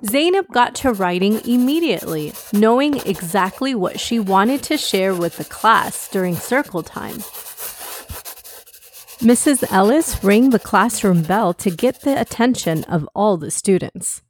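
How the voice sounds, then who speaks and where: Woman host-storyteller, unhurried, gentle kids' delivery. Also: medium pitch, lively intonation, slight background noise. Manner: gentle, warm-hearted storytelling for kids. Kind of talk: children's story narration.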